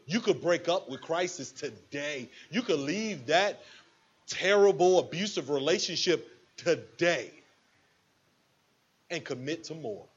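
Animated, preachy male motivational speaker. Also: a little high, unhurried, breathy edge, dull audio. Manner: preachy, animated, acts out scenes with quoted voices. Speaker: motivational speaker at a business event. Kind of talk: motivational stage speech. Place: room with a live audience.

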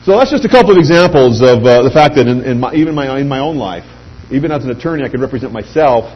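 A middle-aged man giving an anecdotal pitch speech to a live audience, telling lively stories and acting out quoted voices. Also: quick pace, husky. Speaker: speaker addressing a sales audience. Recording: dull lo-fi recording with faint hum.

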